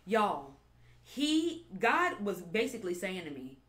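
A woman pastor preaching a sermon with animated delivery, repeating phrases and building to emphatic peaks. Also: medium pitch, slow pace.

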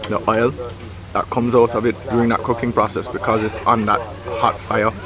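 A man's voice: on the low side, flat delivery, normal speed. Man savoring food aloud outdoors. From Jamaica. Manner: savoring, with frequent exclamations and hums. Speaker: food vlogger host. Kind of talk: food tasting commentary. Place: outdoor riverside cookout. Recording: loud crowd chatter outdoors.

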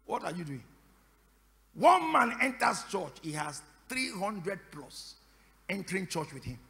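A man preaching to a congregation in a high, bright, forceful voice that rings through a reverberant church hall. He fires repeated questions at the room, waits for answers, and at times breaks into shouted prayer. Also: sing-song, measured pace, gravelly. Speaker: pastor. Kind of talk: sermon. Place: church service.

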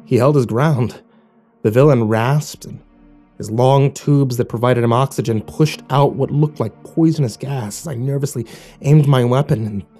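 A man narrating a first-person horror story in a hushed, measured reading style. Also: medium pitch. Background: faint music.

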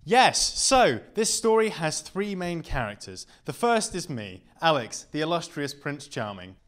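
A young man doing a stand-up comedy set as a story, camp and self-mocking, at times sinking into hushed deadpan narration. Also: on the high side, unhurried.

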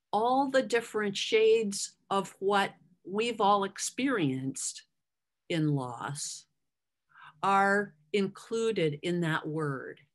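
A middle-aged woman teaching from the Bible at an unhurried pace. She talks in a conversational way and slips into little acted voices when she quotes people. Her pitch sits in an ordinary middle range. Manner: conversational, acts out quoted lines.

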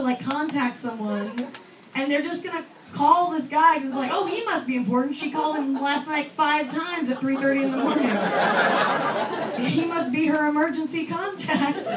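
A young woman performing a chatty, self-deprecating stand-up set on a comedy club stage, with lots of fillers and quick asides to the audience. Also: high voice, noisy background. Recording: roomy club audio from far off, with loud crowd laughter.

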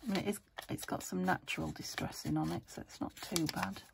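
A woman's voice: lowish voice, steady tone, fairly quick, creaky, very noisy. A British woman hosting a crafting video, chatting casually and muttering to herself as she works at her table, sometimes dropping to a whisper. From United Kingdom. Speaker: craft channel host.

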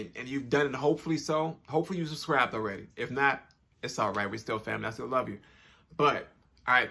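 Young male vlogger, gravelly and bright, casual chatty delivery to camera. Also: medium pitch. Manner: chatty, upbeat, repeats phrases, informal slang. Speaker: YouTube channel host. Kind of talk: casual direct-to-camera vlog talk.

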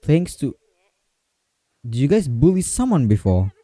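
A jittery man talks his way through a horror game, and his pitch jumps all over the place. His voice is mellow and dark, and the recording is close and dry. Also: very animated, a little slow, breathy edge, no room sound. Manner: jittery, talks to himself and repeats phrases when scared. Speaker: gamer playing a horror game. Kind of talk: let's play commentary.

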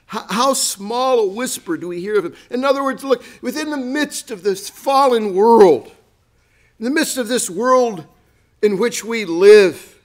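A man preaching a sermon as pastor, joking and acting out sarcastic asides. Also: sits high. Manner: lively, jokey, acts out sarcastic asides with laughs. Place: church sanctuary.

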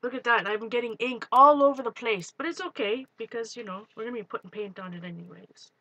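A woman hosting a live art stream, chatting excitedly as she works and greets viewers. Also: fairly high pitch, fairly quick. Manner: excitable, talks while working, greets viewers. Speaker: art livestream host. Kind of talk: live crafting demo, chatty.

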